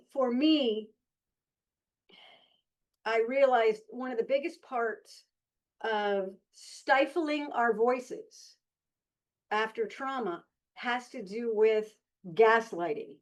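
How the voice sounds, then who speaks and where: A woman in her sixties, a guest telling candid, reflective stories about her life with frequent restarts. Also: high voice. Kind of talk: reflective personal storytelling.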